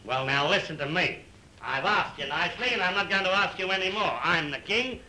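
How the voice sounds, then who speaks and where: An actor playing a jolly, boastful comic king in a 1930s film comedy, chatty and excitable, with an Australian accent. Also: sits high, brisk, low-quality recording. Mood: bossy. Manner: chatty, excitable, bossy with cheeky asides. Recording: old film soundtrack with faint hiss.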